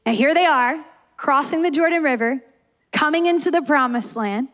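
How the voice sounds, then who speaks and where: A woman pastor with a high voice preaches and tells stories from her family. She speaks with emphasis and often repeats a line to drive it home. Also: moderate pace, a bit bright. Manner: emphatic, repeats key lines for stress. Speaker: campus pastor. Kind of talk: sermon with personal stories.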